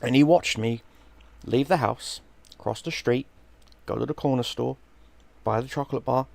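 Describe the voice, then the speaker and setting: A man's voice: mid-range voice, normal speed, creaky, no echo. A middle-aged man, casually telling a story, swearing freely and acting out what people said. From London, England. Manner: animated, swears freely, acts out quoted people. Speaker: streamer.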